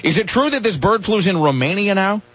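A man's voice: sits high, lively intonation, brisk, fairly bright tone, breathy edge. A man hosting a comedic talk radio show, wisecracking and sarcastic in his banter. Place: radio studio. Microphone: studio mic. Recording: dull lo-fi radio broadcast.

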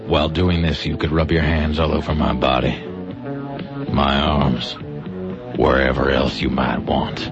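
A man voicing a deep-voiced seductive man, reading a love letter slowly and low for laughs on the radio. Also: completely flat delivery, over music. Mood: mock seductive. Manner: slow, low, drawn-out. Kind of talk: comic read of a letter on radio. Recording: dull lo-fi radio audio.

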